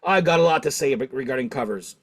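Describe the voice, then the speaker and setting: A man's voice: medium pitch, fast. Middle-aged male host, talkative, laughs easily, casual chat. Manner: talkative, animated, laughs often. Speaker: podcast host.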